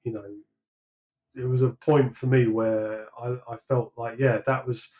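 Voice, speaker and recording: A man's voice: mid-range voice, level tone, measured pace, mellow, poor audio. A British man, likely in his thirties, talking through his career in a casual interview, rambling with many fillers and restarts. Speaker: sculptor guest.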